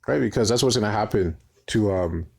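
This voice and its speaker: Man teaching scripture, low voice. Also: brisk, creaky, darkish tone, husky. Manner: repeats "right?" as a tag, frequent restarts. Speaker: Bible teacher.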